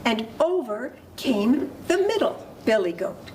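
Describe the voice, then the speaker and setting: A woman storyteller performing a folk tale for children, animated and inviting the audience to join in. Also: a little high, takes it slowly, slight background noise. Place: library storytelling event.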